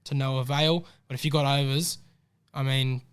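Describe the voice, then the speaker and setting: A man co-hosting a casual horse racing podcast, chatty and excitable, handing out shout-outs. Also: mid-range voice, normal speed, smooth. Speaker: podcast co-host. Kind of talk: casual racing tips chat.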